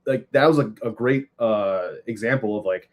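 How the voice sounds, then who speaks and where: A young man co-hosting a casual film review, measured, steering the talk back to the plot. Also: lowish voice. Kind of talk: casual podcast chat.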